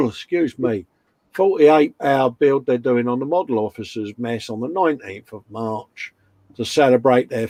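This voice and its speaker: A man's voice: medium pitch, gravelly, darkish tone, dry recording. A middle-aged man hosting a casual live stream, chatting, reading viewer comments aloud and slipping in puns.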